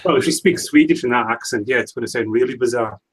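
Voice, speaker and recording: A man's voice: medium pitch, fast talker, slight background noise, rough recording. Rambling podcast co-host, man. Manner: rambling, hesitant, with many restarts. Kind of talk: casual chat.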